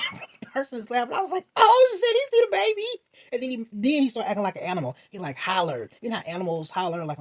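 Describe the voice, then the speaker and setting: Husky, animated dream storyteller. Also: medium pitch. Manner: animated, acts out voices and reactions, laughs often; slangy, swears freely. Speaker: vlogger.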